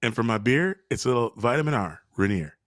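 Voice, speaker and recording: A man from Washington state co-hosting a comedy podcast, dropping cheeky deadpan quips. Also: mid-range voice, fast. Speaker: podcast co-host. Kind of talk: casual comedic podcast chat.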